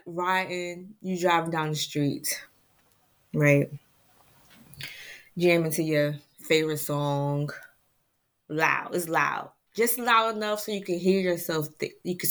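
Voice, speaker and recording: A woman hosting her own podcast, venting to listeners in a casual, animated way and laughing often. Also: mid-range voice. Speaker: podcast host.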